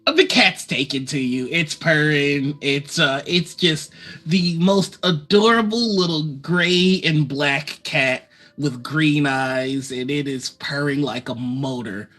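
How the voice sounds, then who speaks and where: A man running a tabletop game as game master, narrating in a relaxed way and laughing often. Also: a little high, takes it slowly, faint music behind. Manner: relaxed, laughing, many uh fillers.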